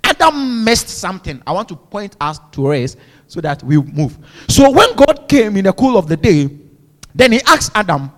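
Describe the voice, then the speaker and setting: A man's voice: high voice, big pitch swings, normal speed, big-room sound. A male pastor preaching a fervent sermon in a church, calling on the congregation to repeat after him. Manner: fervent preaching with call-and-response exhortations.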